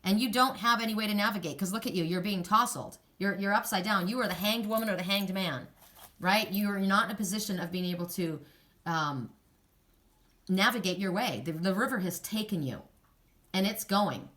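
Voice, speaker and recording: A woman's voice: mid-range voice, normal speed, a bit bright. An older woman giving a casual, rambling oracle card reading, with frequent restarts and laughter.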